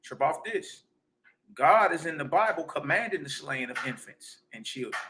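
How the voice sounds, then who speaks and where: A man's voice: a little high, animated, normal speed, sharp tone, rough recording. A man giving emphatic, preachy commentary on a video clip and talking straight to his listeners. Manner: emphatic, addresses listeners directly. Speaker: commentator reacting to clips.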